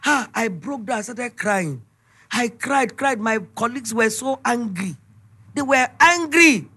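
A middle-aged woman with a Nigerian accent tells her testimony as a sermon. Her delivery is emphatic and animated, full of vivid storytelling. The voice is bright and forceful. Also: on the high side, a little slow, husky. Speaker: speaker giving a testimony. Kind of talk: preaching testimony.

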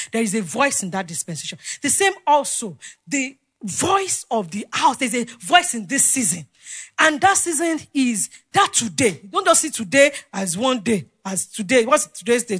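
A woman preaching a sermon, asking the congregation questions and swinging between loud exclamations and quiet asides. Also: a little high, slightly rough, no echo.

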